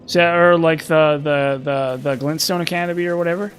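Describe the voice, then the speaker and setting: A man's voice: a little high, fairly even intonation, a little fast, smooth. A man giving casual gameplay commentary, rambling and thinking aloud with self-deprecating asides.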